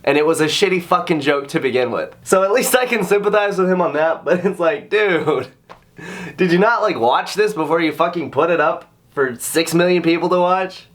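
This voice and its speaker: A man's voice: on the high side, lively intonation, normal speed. A man hosting a reaction video, ranting in sarcastic, exasperated commentary full of swearing.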